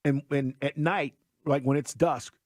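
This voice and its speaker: A man co-hosting a sports talk radio show, telling stories in an animated way, on a studio microphone. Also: on the high side, unhurried, no room sound. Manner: animated storyteller who acts out sounds.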